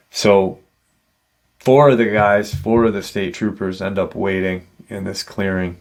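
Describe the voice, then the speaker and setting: A man with a low, gravelly voice retells a paranormal encounter at an unhurried pace. He rambles, often breaking off with "you know" asides, in a casual storytelling manner. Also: little pitch movement. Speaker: paranormal storytelling channel host.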